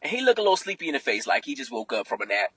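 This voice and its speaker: A man vlogging from inside a car, telling a candid, profane personal story with animated delivery. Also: mid-range voice, very fast, slightly rough, dry recording. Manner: animated and profane, acts out other people's voices.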